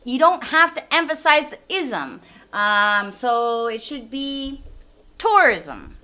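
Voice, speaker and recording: A woman's voice: high-pitched, animated, slow pace, pushed and bright. A woman, hosting a chatty commentary on pronunciation and mixing in Indonesian words. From Canada. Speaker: host. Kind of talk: casual commentary on English pronunciation.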